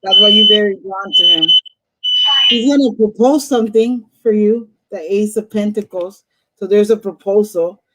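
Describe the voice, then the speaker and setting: A woman's voice: medium pitch, moderate pace, very noisy. Blunt, profane woman reading tarot. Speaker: host, tarot reader. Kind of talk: live-stream tarot reading.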